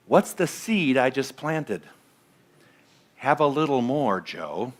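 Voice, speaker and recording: A man's voice: medium pitch, lively intonation, a little slow. A man minister preaching a sermon to his congregation in a conversational way, asking them questions. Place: church sanctuary.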